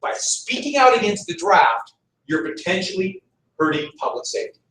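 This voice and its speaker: High-ish guy teaching class, hammers his points over and over, echoey room. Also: sing-song, normal speed, a bit bright. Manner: emphatic, repeats key points. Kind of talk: classroom lecture. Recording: echoey room, mic far off.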